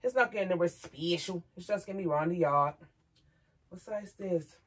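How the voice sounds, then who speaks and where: A woman's voice: on the low side, normal speed. A woman hosting a doll hobby vlog, chatting casually to viewers from home and talking to her dolls. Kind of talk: casual chat to camera.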